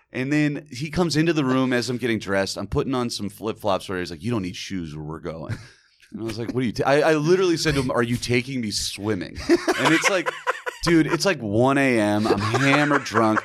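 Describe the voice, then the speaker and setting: A young man from Atlanta telling a drunken high school story on a podcast, acting out the people in it in a loose, profane way. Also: fairly quick, slight background noise. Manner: animated, profane, acts out voices in anecdotes. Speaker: podcast guest. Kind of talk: casual storytelling chat.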